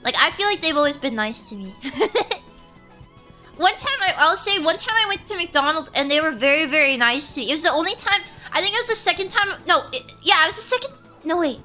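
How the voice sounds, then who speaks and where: Squeaky high-voiced woman streamer. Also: animated, brisk, sharp tone, soft background music. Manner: rambling, giggly, corrects herself often. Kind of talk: casual storytelling chat.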